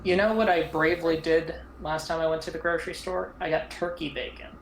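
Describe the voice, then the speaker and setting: A woman from Florida with a lowish voice chats wryly and pokes fun at herself. Her voice sounds roomy and echoey, with a faint hiss behind it. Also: fairly even intonation, brisk. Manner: wry, self-deprecating. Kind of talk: casual chat.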